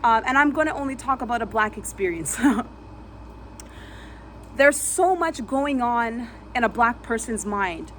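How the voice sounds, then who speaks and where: A woman vlogger telling a dramatic personal story vividly, re-enacting sounds and dropping to a hush at tense moments. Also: a little high, lively intonation, measured pace, a little hiss or hum.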